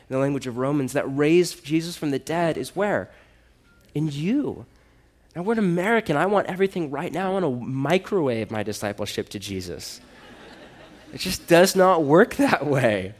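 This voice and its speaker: A man preaching a sermon in a church, earnest and conversational, building to emphatic exhortations. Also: on the high side. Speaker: pastor.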